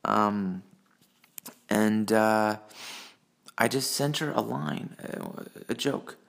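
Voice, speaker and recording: A man's voice: mid-range voice, steady tone, slow, creaky. A man rambling through crude personal stories and jokes, profane and full of fillers, recorded on a phone. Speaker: monologue storyteller. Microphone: phone mic.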